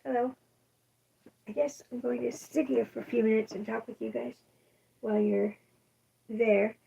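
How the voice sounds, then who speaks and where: Gravelly woman reading livestream chat. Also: a little high, fairly even intonation, moderate pace, warm tone. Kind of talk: casual chat, reading viewer comments. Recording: dull, distant stream audio.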